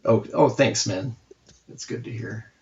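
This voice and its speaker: A man in his forties, a comic artist hosting a live art stream, telling animated, profane stories in casual chat. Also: fairly low pitch, unhurried, lo-fi sound.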